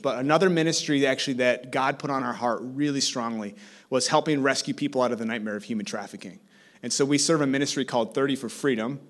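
A man in his thirties sharing a personal testimony as a guest speaker at church, storytelling warmly and growing animated. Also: medium pitch. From South Korea. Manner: storytelling, animated when excited, soft in prayerful parts. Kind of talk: testimony sermon.

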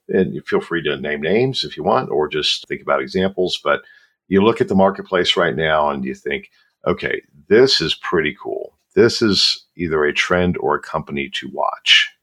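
A man's voice: rumbling low, lively intonation, moderate pace, fairly bright tone. A man hosting a podcast interview, asking curious, prompting questions of his guest. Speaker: podcast host.

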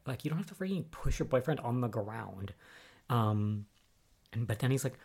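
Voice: medium pitch, brisk, darkish tone, slightly rough. A young adult podcast host giving a casual, chatty recap of soap opera episodes, often exasperated and filling speech with "like" and "um".

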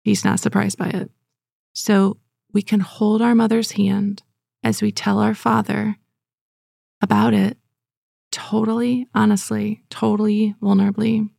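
A woman giving earnest, gentle devotional teaching and leading listeners in prayer, speaking casually with fillers. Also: medium pitch, little pitch movement, unhurried, gravelly, pauses often, dry recording, clean studio sound.

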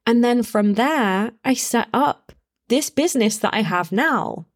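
A woman hosting her own podcast, telling a personal story in a chatty, animated way and laughing now and then. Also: fairly high pitch, measured pace. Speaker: podcast host. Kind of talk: casual storytelling monologue.

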